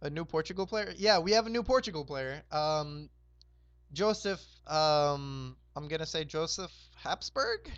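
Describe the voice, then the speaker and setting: A hoarse young man hosting a roleplay game, casually recapping the map in a rambling, laid-back way with lots of fillers. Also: fairly high pitch, expressive, measured pace, fairly bright tone, no room sound, lo-fi sound. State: hoarse, sore throat.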